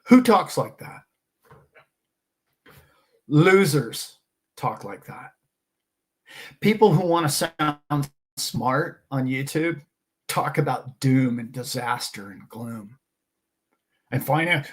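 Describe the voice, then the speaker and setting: A man's voice: mid-range voice, expressive, slow pace, pauses often. A man hosting a casual monologue, talking in an emphatic, preachy way and mocking his doubters. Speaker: host.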